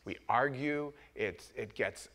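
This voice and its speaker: A pastor with a medium-pitched, sharp-toned voice preaches slowly in a church sanctuary. His sermon is informal, conversational and joking, and he often restarts his sentences.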